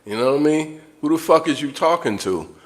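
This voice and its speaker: Pitched on the high side, the host sounds animated and talks fairly quickly. Facing his viewers in an unplanned livestream monologue, he rants in a blunt, foul-mouthed, repetitive way.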